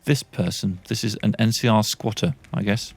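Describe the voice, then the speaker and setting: A man's voice: on the low side, moderate pace, gravelly, darkish tone. A British man giving casual gameplay commentary, awkward, rambling and self-deprecating. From Britain. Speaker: let's play host.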